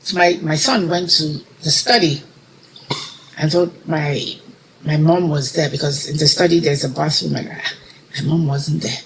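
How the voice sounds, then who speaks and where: A woman's voice: low-pitched, moderate pace, slightly rough, low-quality recording. A middle-aged woman with a Nigerian accent, an interview guest telling a personal story with feeling and acting out the words of the people in it. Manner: vivid retelling that acts out others' quoted words.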